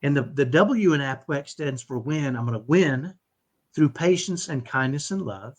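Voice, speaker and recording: A middle-aged man, a podcast guest, telling a story in animated conversation and tagging sentences with "right?". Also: mid-range voice, normal speed. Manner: animated, repeats "right?" often. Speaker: podcast guest, autism dad.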